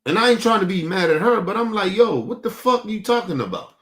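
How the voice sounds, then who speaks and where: A man's voice: high-pitched, expressive, brisk, fairly bright tone. A young man, hosting a stream and ranting about his family in a heated, profane, repetitive way. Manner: heated, profane, repeats himself. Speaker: streaming show host. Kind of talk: casual rant to a stream audience.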